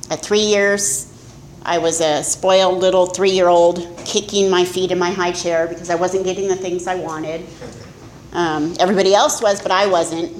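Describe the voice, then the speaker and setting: A woman's voice: fairly low pitch, slight background noise. A middle-aged woman giving a candid, self-mocking personal testimony as a speaker at a recovery meeting. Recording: echoey room with faint ambience.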